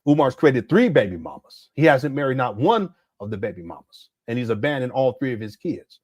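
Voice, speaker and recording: Host, male, 50s, blunt casual reaction commentary, animated delivery. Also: mid-range voice, a little fast, dry recording. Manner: blunt, exclamatory, laughs at clips.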